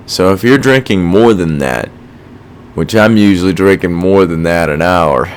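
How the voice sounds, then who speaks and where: Low-voiced rambling young man. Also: normal speed. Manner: rambling, profane, self-reflective. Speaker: podcast host. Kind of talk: casual solo podcast chat.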